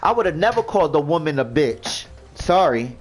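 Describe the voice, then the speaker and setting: A man's voice: fairly high pitch, very animated, moderate pace, faint music behind, low-quality recording. A man ranting indignantly in casual commentary, swearing and repeating himself as he stumbles over words. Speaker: gaming vlogger.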